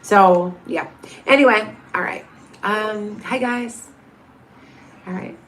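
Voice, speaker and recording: Woman, 50s, livestream medium host: rambling, chatty, mid-pitched voice, faint ambient hiss behind. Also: slow, fairly bright tone. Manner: rambling, chatty, with frequent restarts and asides. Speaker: tarot reader and medium hosting a livestream. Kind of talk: casual livestream chat answering viewer questions.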